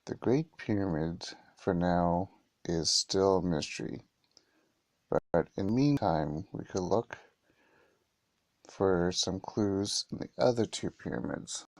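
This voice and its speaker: Egyptian queen giving advice, just read out by a guy, low and slow, a bit gravelly. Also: a little mellow, no echo. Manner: reads game dialogue aloud plainly. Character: ancient Egyptian queen advising a pharaoh.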